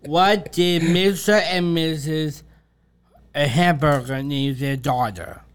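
A man's voice: fairly high pitch, steady tone, slow, clear, resonant tone. A young adult man co-hosting a casual show with his father, giving short, cheerful replies. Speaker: podcast co-host and son. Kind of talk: casual chat.

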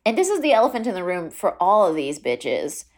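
A woman hosting a podcast, recapping a TV show in casual chat, chatty and quick to laugh, with plenty of fillers. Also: on the low side, big pitch swings. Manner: chatty, full of fillers and laughs, mimics quotes. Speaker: podcast host.

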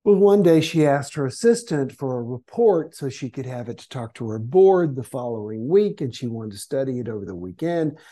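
Mellow-voiced man telling stories. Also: mid-range voice, very animated, moderate pace, few pauses. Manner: storytelling that acts out quoted complainers. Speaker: guest author. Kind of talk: podcast interview.

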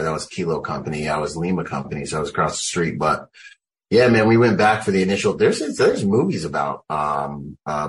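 A Marine combat veteran in his forties, appearing as an interview guest, tells animated war stories over a video call from home, sprinkling in "man" and "you know" throughout. His voice is low, with slight background noise behind it.

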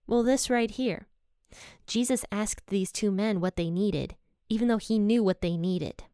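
A woman's voice: medium pitch, a little slow, warm tone, smooth, dry recording, studio quality. A woman teaching from the Bible in a casual, personal, earnest way. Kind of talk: casual devotional talk.

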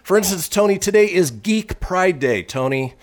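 Lively-voiced male radio host. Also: sits high, moderate pace. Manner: upbeat, reads history items with laughs. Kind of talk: casual radio chat.

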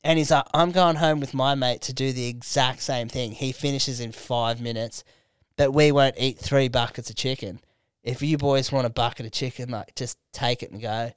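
With a clear, resonant mid-range voice at a moderate pace, a young Australian comedian and podcast co-host recounts a story in casual talk. He's animated, swears liberally, and acts out quotes. It's a dry recording made on a studio microphone.

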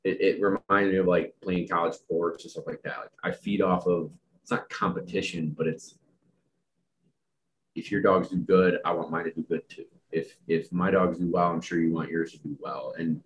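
Low-voiced male podcast host, loose and rambling, self-deprecating humor. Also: steady tone, normal speed. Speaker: podcast host and dog trainer. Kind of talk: casual podcast chat.

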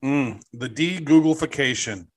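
A man co-hosting a podcast in casual chat, joking and telling animated stories. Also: mid-range voice, measured pace, a little hiss or hum. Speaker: podcast co-host.

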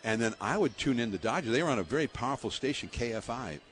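A man's voice: mid-range voice, fast. An older male baseball broadcaster from the San Francisco Bay Area, telling stories in an interview with lots of laughter. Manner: lively anecdotes, laughing often, with many fillers. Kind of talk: storytelling in an interview.

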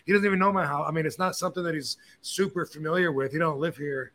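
A man hosting a podcast, telling stories and opinions in a casual, animated way, with frequent swearing. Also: fairly high pitch, fast talker, hardly any pauses. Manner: animated, profane storyteller. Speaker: podcast host. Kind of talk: casual chat.

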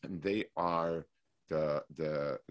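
Low-voiced man teaching a Torah class. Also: steady tone, no echo, highs cut off. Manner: explains slowly with restarts, reads Hebrew text quickly. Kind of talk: weekly Torah class lecture.

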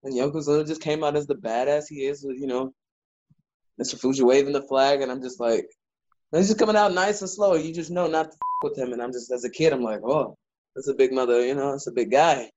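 A man's voice: on the high side, fast. Chatty man, slightly muffled. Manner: animated storyteller, lots of "like" fillers. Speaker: wrestler guest. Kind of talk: casual interview chat.

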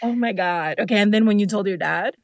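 A woman's voice: mid-range voice, fairly quick, no echo, clean studio sound. A woman hosting a podcast interview, reacting with short comments and playful asides. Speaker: podcast host.

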